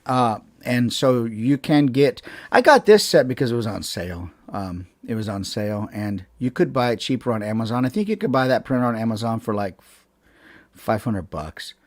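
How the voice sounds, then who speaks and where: A man's voice: medium pitch, animated, moderate pace, no echo. Guy rambling to his stream viewers on a webcam, lots of ums and laughs, dry close sound. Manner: rambling, laughs often, many fillers and restarts. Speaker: channel host chatting with live viewers. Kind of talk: casual live-stream chat.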